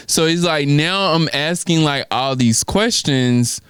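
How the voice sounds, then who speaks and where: A man's voice: mid-range voice, expressive, a little slow, hardly any pauses, smooth, dry recording, studio quality. A man co-hosting a podcast, telling a story in casual chat and acting out the quoted dialogue. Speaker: podcast co-host.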